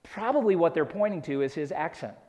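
A man's voice: fairly high pitch, animated, fairly quick, a little mellow. A man from the American South preaching an expository sermon, earnest and explanatory, rising to emphatic peaks. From Southern United States. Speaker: pastor. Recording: long hall reverb.

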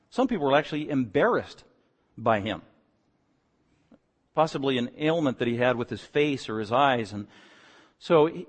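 A man preaching a sermon, his somewhat high voice swinging from calm teaching to loud, emphatic bursts. His words ring out with a long reverb, as in a big church sanctuary. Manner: preaching, rises to emphatic shouting on key words. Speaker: pastor. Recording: long reverb from a large hall.

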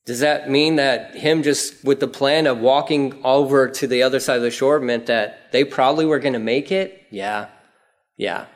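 A man preaching a casual, conversational sermon, telling the story vividly and acting out prayers in a raised voice. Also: moderate pace. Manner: animated storytelling, acts out prayers in a raised pitch. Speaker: pastor.

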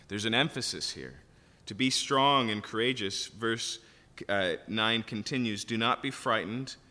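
Guy preaching thru bible verses, low bright forceful voice, big hall reverb. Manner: reads verses aloud, then explains them with rising emphasis. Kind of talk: expository sermon on scripture.

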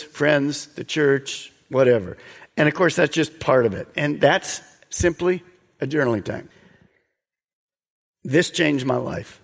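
A man preaching a sermon, earnest and exhorting, sometimes dropping to a soft, slow voice. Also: on the high side, breathy edge, big-room sound. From United States. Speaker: pastor.

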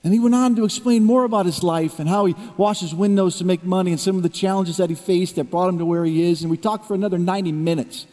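A pastor with a high voice delivers a sermon in a large worship hall. He tells his story in hushed low tones, then rises into emphatic preaching. Long reverb trails each phrase. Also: steady tone, fast, hardly any pauses.

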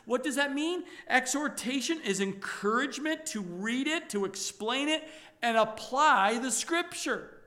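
Bright high-voiced male pastor preaching. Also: expressive, a little slow. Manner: emphatic preaching, rising to loud exhortation. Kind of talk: sermon.

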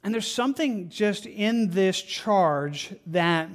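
A man preaching a sermon in an earnest, halting way, often repeating words and restarting, moving between soft and stronger delivery. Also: high-pitched, lively intonation. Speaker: pastor.

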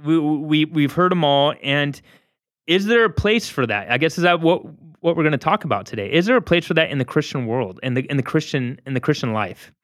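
Brief: male podcast host, upbeat and jokey, fairly high voice, dry close studio sound. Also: expressive, fairly quick, no echo. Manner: upbeat, joking, many fillers. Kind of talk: casual podcast chat. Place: recording studio. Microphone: studio microphone.

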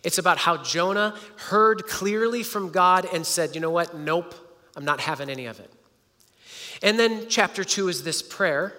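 A man's voice: high voice, moderate pace, pushed and bright. A pastor giving an earnest, conversational sermon, often restarting his phrases. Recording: long hall reverb.

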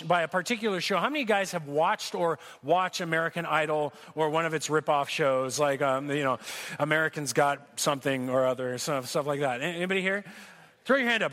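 A man preaching to his congregation with a high, bright voice. He tells humorous stories and works the crowd with questions. His delivery is animated and conversational, the way a pastor talks from a church stage. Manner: animated, jokey storytelling to a congregation. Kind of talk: sermon. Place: church sanctuary.

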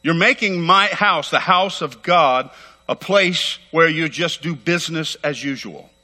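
A middle-aged man preaching a sermon as pastor, fervent and emphatic, talking rapidly and repeating phrases for weight. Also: a little high, bright, forceful tone. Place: church sanctuary. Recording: long hall reverb.

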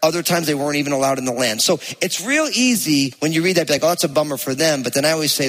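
A man with a New Jersey accent preaches in a lively, conversational way, reading scripture to his congregation. His voice sits a little high and comes across bright and forceful. Long reverb from the church hall trails behind his words. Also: rapid-fire, hardly any pauses. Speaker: pastor.

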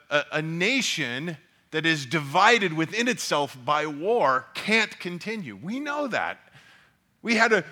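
A man's voice: sits high, sharp tone. A man preaching a sermon as pastor, earnest and often repeating words as he builds a point.

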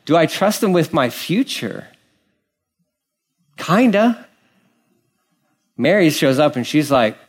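A man delivers a sermon in an animated style. His slightly high voice rises and falls widely as he acts out quoted characters, then drops to hushed, earnest lines. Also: takes it slowly, long pauses, husky. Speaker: pastor.

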